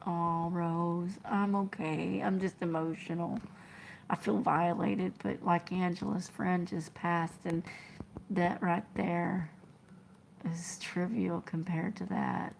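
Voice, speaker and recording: A woman, talking to her live-stream viewers in an emotional, halting way that often drops to a whisper. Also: on the low side, little pitch movement, gravelly, a little hiss or hum. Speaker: trucking vlogger reading live chat.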